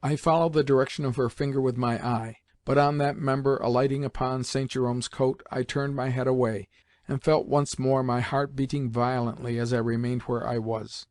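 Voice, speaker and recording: A man narrates an audiobook in a measured, even way. His pitch is middling. The recording is close and dry, with no room sound. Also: no echo. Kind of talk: scripted narration.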